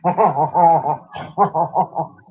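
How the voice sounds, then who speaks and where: A man's voice: on the high side, extremely slow, a crowd in the background. A man with an Irish accent in a casual, jokey chat, swearing freely and laughing often. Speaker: friend in a chat. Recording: dull lo-fi sound.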